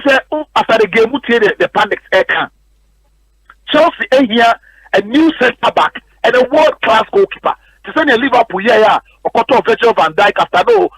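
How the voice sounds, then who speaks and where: Ghanaian guy breaking down league tables on radio, high voice, dry studio sound, keeps repeating for emphasis. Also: fairly bright tone, no echo, poor audio. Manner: rapid code-switching, repetitive emphatic delivery. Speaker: sports analyst. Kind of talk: radio sports analysis.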